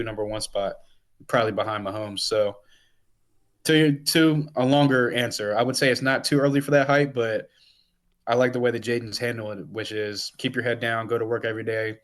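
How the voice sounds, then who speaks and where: A man's voice: on the low side, fairly even intonation, fairly quick, fairly bright tone. A man co-hosting a sports podcast who talks in casual chat, rambling with lots of "like"s and "um"s. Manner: rambling, many "like"s and fillers. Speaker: podcast co-host.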